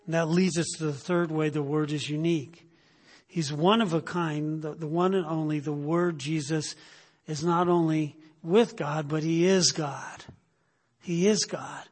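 A man's voice: fairly high pitch, steady tone, measured pace. A man preaching a sermon, emphatic, repeating phrases and checking in with "right?". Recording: long reverb of a hall.

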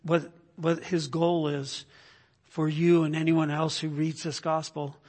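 A man's voice: on the high side, little pitch movement, unhurried, a little mellow. A man preaching a verse-by-verse sermon as a pastor, often checking in with his listeners by asking "right?". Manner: keeps checking in with the congregation with "right?". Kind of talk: expository sermon. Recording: long hall reverb.

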